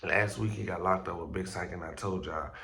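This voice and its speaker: A man's voice: sits low, steady tone, a little fast, creaky, bright, forceful tone, slight background noise. A man hosting a street news vlog, talking in a loose, slangy, profane way with stumbles, groggy as if just woken up. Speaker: street news blogger host. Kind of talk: casual vlog commentary.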